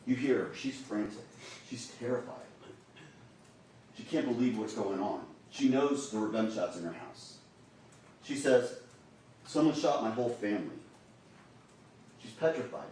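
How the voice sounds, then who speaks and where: A man's voice: mid-range voice, normal speed, mellow, slight background noise. A man giving a prosecutor's closing argument to a jury, pressing and repeating his points. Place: courtroom. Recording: echoey courtroom, voice from far off.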